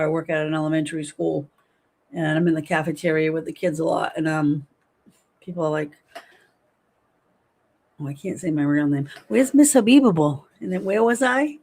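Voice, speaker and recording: Middle-aged woman, livestream host, chatty and animated, reads comments aloud. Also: on the low side. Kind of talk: casual livestream chat reading comments.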